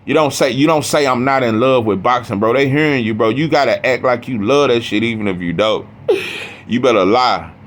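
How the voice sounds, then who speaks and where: A man's voice: medium pitch, a little fast, fairly bright tone, a little hiss or hum. A middle-aged man gives a blunt, preachy, profane monologue about boxing, saying "bro" over and over. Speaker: boxing commentator. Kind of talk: casual monologue.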